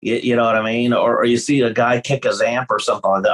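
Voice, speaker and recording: A man telling tour stories with a lot of energy, his pitch jumping high whenever he acts out what someone said. He swears freely and laughs through his own stories, a musician in a loose podcast chat. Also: fairly even intonation, fast talker, a bit bright, low-quality recording. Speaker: guest guitarist.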